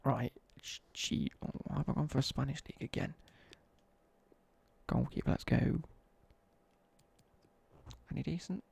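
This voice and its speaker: Young midlands bloke streaming and chatting, super gravelly husky voice, slangy rambling stories. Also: male voice, mid-range voice, measured pace, pauses often, a little mellow. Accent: English Midlands. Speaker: live streamer. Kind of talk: casual chat while gaming.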